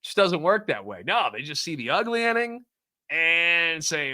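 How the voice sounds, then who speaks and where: A man's voice: a little high, expressive, moderate pace, sharp tone. A man hosting a solo sports podcast, ranting sarcastically and animatedly about overreactions. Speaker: podcast host.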